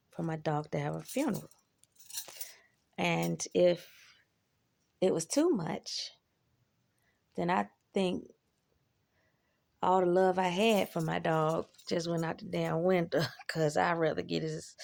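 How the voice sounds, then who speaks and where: Woman just chatting to camera, slow drawl, lots of fry in the voice, cusses a lot and goes off on tangents. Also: on the low side, a little mellow. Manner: laid-back, swears freely, rambling asides. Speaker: vlogger. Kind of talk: casual storytelling.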